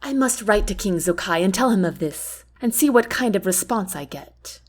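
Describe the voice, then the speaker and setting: A woman voicing a thoughtful, guarded young queen in an audiobook, formal and measured. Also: medium pitch, animated, lightly acted. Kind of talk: audiobook character reading.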